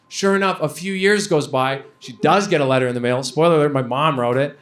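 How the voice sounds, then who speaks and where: A man's voice: on the high side, fast, few pauses, background noise. A young man from Canada doing a stand-up comedy set on stage, ranting profanely with lots of fillers. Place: comedy venue stage before a live audience.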